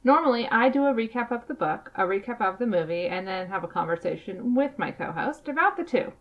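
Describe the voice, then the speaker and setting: A woman's voice: on the high side, lively intonation, fairly quick, highs cut off. A woman co-hosting a podcast, chatty and self-deprecating as she recaps a book. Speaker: podcast co-host. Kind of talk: casual podcast chat.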